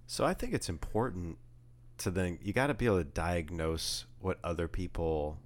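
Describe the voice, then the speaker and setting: A man's voice: low voice, moderate pace. A young man co-hosting a casual chat, joking and rambling through stories. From Southern California. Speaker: podcast co-host.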